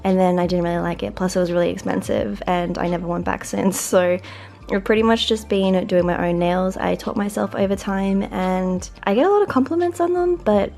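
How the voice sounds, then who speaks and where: A woman's voice: medium pitch, a little fast, vocal fry, a little mellow. An Australian woman around thirty chatting casually to camera at home in her vlog, full of "like" fillers. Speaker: lifestyle vlogger.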